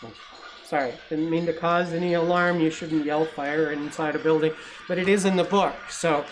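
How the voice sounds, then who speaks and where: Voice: medium pitch, steady tone, normal speed, a little hiss or hum. A storytime reader, reading a picture book aloud to children with playful asides. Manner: playful, with asides to young listeners.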